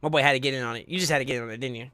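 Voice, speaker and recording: A man streaming live, casually chatting and thanking viewers, excitable with sudden yells, his voice going hoarse from yelling. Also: medium pitch, rapid-fire, no echo, studio quality.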